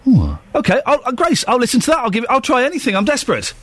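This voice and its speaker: A man's voice: extremely high pitch, huge pitch swings, very fast, fairly bright tone, slightly rough, no room sound. A man hosting a radio show, bantering playfully and mocking himself. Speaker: radio host. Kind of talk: casual radio chat.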